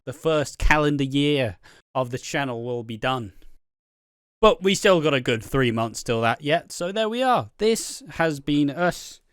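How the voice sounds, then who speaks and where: A man's voice: on the high side, animated, a little slow, a bit bright, smooth, no room sound, clean studio sound. A young man hosting a podcast in casual, sweary, laid-back chat. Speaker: podcast host.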